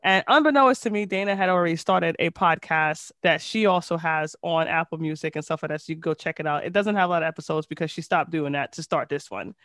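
A woman's voice: sits low, quick pace, hardly any pauses, fairly bright tone, no echo. A woman with a nasal voice co-hosting a casual podcast, chatty and storytelling, recorded over a headset on a video call. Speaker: podcast co-host.

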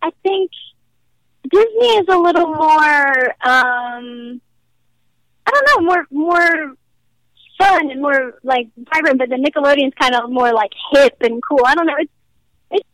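Giggly young actress from nashville, high bright voice, dry close sound, says like a lot. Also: female voice, expressive, a little slow, pauses often, dry recording, poor audio. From Nashville, American South. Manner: bubbly, giggly, heavy use of "like". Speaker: guest actress. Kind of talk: casual interview chat.

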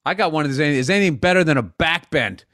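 Profane animated man, dry close sound. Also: on the high side, fast talker, no echo. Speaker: podcast co-host. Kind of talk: casual crude banter.

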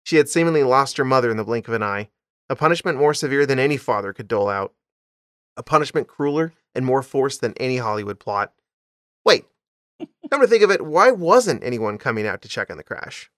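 A man's voice: mid-range voice, lively intonation, a little fast, fairly bright tone, no echo, clean studio sound. A man hosting a comedy podcast, reading a story with dramatic emphasis and stopping to joke.

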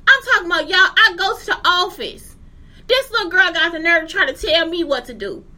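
A woman in her forties vents in a furious, profanity-laden rant straight to her audience. Her voice sits extremely high and cuts with a piercing, tense edge. She keeps pressing listeners with rhetorical checks that they follow her. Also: expressive, a little fast, sharp tone. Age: 40s. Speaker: teacher. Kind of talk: angry rant to camera.

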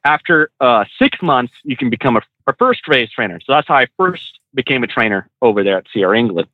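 A man who trains truck drivers, a podcast guest telling animated road stories with frequent laughs and restarts. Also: mid-range voice, a little fast, no echo, phone-quality sound. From California. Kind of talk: casual storytelling.

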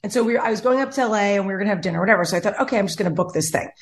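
Speaking very fast in a mid-range voice, a young adult woman hosts a laid-back chat. Her storytelling is chatty and meandering, and she performs the lines other people said.

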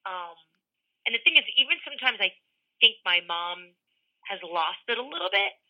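A woman's voice: mid-range voice, expressive. A woman working as a football reporter, chatting casually and laughing at herself during an interview over the phone. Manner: chatty, self-deprecating, quick to laugh. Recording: muffled phone line.

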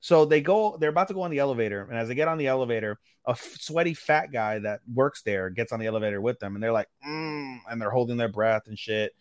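A man's voice: medium pitch, fast talker, hardly any pauses, no room sound, studio quality. A man co-hosting a casual anime podcast, retelling episodes with swearing and acting out characters' lines. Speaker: podcast co-host. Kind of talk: casual anime recap chat.

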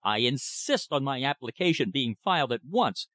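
A man reading the part of a self-important rich lumberman who speaks with slow deliberation and a commanding edge. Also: medium pitch, very animated, a bit bright, no echo, clean studio sound. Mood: agitated. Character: blustering pompous rich male lumberman.

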